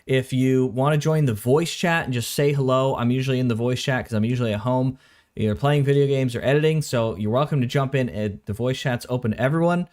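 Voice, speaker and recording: A relaxed man co-hosting a livestream from a home recording room, his voice sitting at an ordinary middle pitch. He rambles in a loose, casual way and swears without fuss. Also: a little fast. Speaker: co-host of an anime reaction stream. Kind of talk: casual chat.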